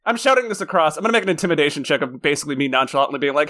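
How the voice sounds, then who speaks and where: A man playing a tabletop game, joking and animated as he describes his character's moves. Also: on the high side. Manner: animated, joking, quick to laugh. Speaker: player. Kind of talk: casual tabletop game chat.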